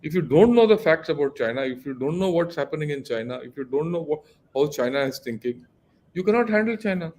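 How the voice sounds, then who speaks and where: A man's voice: on the high side, animated, fast, a little mellow, a little hiss or hum. An older man, a retired general, giving analysis in a casual talk with a lecturing, emphatic manner and many fillers. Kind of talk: casual discussion.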